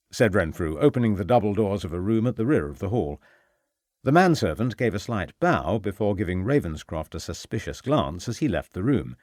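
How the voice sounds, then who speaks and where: Low, expressive male audiobook narrator. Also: a little fast, dry recording, studio quality.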